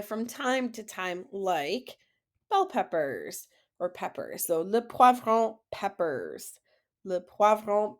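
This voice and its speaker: A woman with a slightly high voice teaches French in a video lesson. She says each word slowly so students can repeat it, then praises them in an encouraging way. Her delivery is patient and classroom-like. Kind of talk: classroom lesson, slow model pronunciation.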